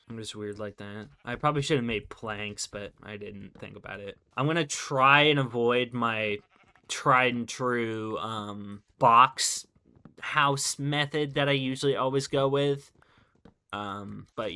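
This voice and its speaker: A man's voice: mid-range voice, bright, forceful tone. A man giving casual, rambling gameplay commentary as a channel host, full of fillers and self-deprecating asides.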